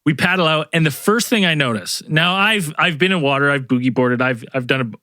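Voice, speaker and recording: A man's voice: fairly high pitch, a little fast, pushed and bright, no room sound, clean studio sound. A middle-aged man, a podcast host, telling a rambling story to co-hosts with many fillers and restarts. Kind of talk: casual storytelling among co-hosts.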